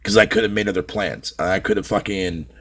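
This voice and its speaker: A man's voice: fairly low pitch, fairly quick, a bit bright. A man live streaming, venting at length in a casual, rambling way, swearing heavily and leaning on filler phrases.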